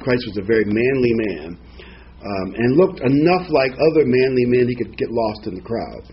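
A man's voice: medium pitch, expressive, moderate pace, breathy edge, muffled recording. A man giving an informal Bible teaching, rambling and digressive, with frequent asides and fillers. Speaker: preacher.

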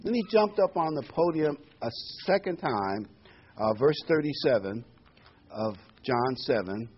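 An expressive, mid-range male voice preaches at an unhurried pace, with slight background noise. His sermon is earnest and emphatic, with key words repeated and occasional ums, captured in dull lo-fi sound.

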